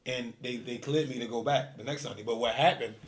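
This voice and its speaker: A man telling a story in casual chat, animated and full of slang, acting out quotes. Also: brisk. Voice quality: heavy profanity and slang. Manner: animated storyteller, acts out quotes with rising pitch. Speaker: streetball tour organizer.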